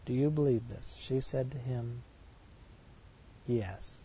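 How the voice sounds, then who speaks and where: A man's voice: mid-range voice, slow, mellow, slight background noise, poor audio. A man preaching a sermon, reading scripture verses aloud and commenting on them with rhetorical questions in an earnest, emphatic way.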